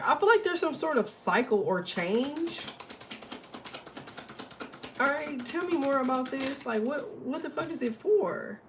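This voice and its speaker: A woman's voice: sits high, lively intonation, measured pace. A woman giving a casual astrology and tarot reading, talking bluntly and profanely, rambling with lots of fillers.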